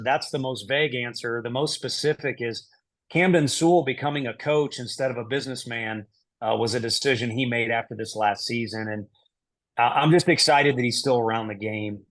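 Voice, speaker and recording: A middle-aged man speaking at a middling pitch, talking casually as a guest. He laughs often and works his way through answers aloud, poking fun at himself. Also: fairly bright tone. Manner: laughs easily, talks through answers aloud with self-deprecating humor. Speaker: head baseball coach, podcast guest.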